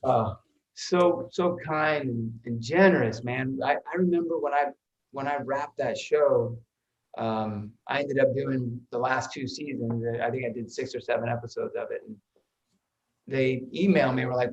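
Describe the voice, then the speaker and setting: Man, actor guest, mid-pitched, chatty storyteller who swears casually and restarts his words, slightly muffled lo-fi audio. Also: moderate pace. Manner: lively storyteller, swears freely, repeats words while restarting. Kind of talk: animated anecdote telling.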